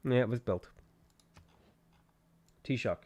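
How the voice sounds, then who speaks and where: A man's voice: medium pitch, takes it slowly, husky, dull audio. Chatty Irish man streaming a game. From Ireland. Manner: chatty, reads viewer messages aloud and answers them. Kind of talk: casual gaming stream chat.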